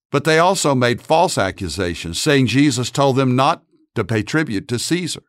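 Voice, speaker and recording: A man's voice: medium pitch, dry recording, clean studio sound. A man hosting a devotional, earnestly explaining a day's scripture reading. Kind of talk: scripture commentary.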